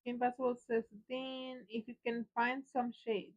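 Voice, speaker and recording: A woman's voice: fairly high pitch, flat delivery, normal speed. A woman co-hosting a casual live stream. She reads viewer chat messages aloud in a playful way. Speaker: co-host reading viewer comments. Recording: dull lo-fi sound.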